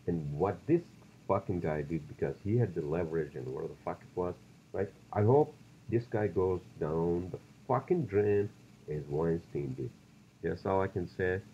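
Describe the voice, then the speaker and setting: Deep gravelly man ranting on a podcast. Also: mellow, highs cut off, a little hiss or hum. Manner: profane, ranting, blunt. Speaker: podcast host. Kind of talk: solo podcast rant.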